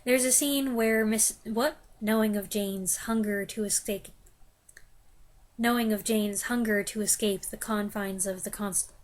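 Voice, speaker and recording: Speaking a little slowly with medium pitch and fairly even intonation, a young woman reviews films and keeps botching her lines. She restarts takes and laughs at herself throughout this blooper reel.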